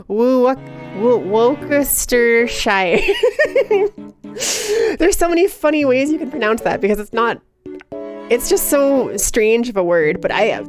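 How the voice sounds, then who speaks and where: A woman live streaming who chats casually and reads chat aloud, giggly and playful with frequent laughter. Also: fairly high pitch.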